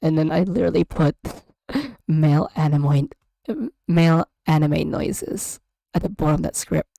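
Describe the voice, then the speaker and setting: A woman streams from her room in loose, rambling chat that trails off and breaks into giggles. Her voice is low, dark and full of fry, and she takes her time. The close desk mic gives a dry, close sound. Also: fairly even intonation, measured pace, no echo. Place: home room. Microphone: USB desk microphone.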